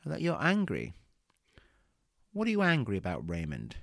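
A man playing a male counsellor who switches from a soft, patient manner to booming revival-preacher exorcism in a comedy sketch. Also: wildly swooping pitch, moderate pace, creaky, no room sound, clean studio sound, exaggerated voice. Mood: calm, patient.

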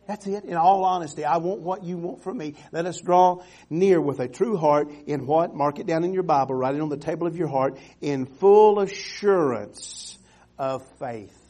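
A male pastor preaching a sermon, calling for amens and drawing scripture out slowly, swinging from loud exhortation to hushed storytelling. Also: on the high side. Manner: emphatic, calls for amens, stretches scripture slowly.

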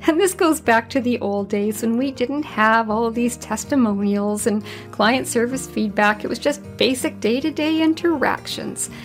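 A woman in her sixties, a retired grandmother, hosting a solo podcast and telling stories in a chatty way, laughing now and then. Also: a little high. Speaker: podcast host.

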